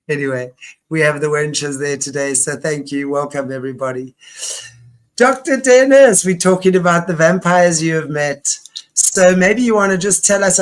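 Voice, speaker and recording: A woman hosting an online talk show, rambling and enthusiastic with many restarts. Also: sits low. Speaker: host. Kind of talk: casual online show chat.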